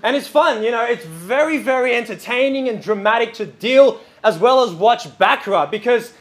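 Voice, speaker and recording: A man preaching a sermon in a lively, chatty way, with lots of "you know" and "um" fillers. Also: very high-pitched, normal speed.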